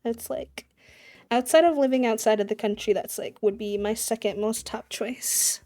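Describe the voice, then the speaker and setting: A woman's voice: a little high, normal speed, dark tone. A woman from Wisconsin chatting casually and rambling as a live streamer while she plays a video game. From Wisconsin, USA.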